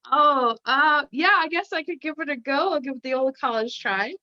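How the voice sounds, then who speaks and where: A woman's voice: high-pitched, bright, forceful tone. A woman from Canada, a podcast guest, chatting casually and laughing often. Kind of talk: casual interview chat. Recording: slightly muffled lo-fi audio.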